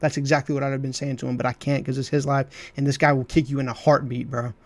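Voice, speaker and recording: A man's voice: medium pitch, flat delivery, quick pace, darkish tone. A man commenting on a clip of his own debate, talking emphatically and repeating phrases for stress. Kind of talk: heated commentary over a clip.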